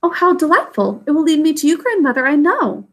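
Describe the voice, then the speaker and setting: A woman's voice: high-pitched, sing-song, brisk, pitched above the performer's own voice. Woman doing an eager little princess. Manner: breathless, eager exclamations. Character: young princess girl, eager and sweet.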